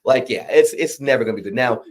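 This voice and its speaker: A man's voice: medium pitch, fast. A man hosting a casual livestream, rambling and correcting himself as he talks. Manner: rambling, self-correcting, laughs often. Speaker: comic publisher host.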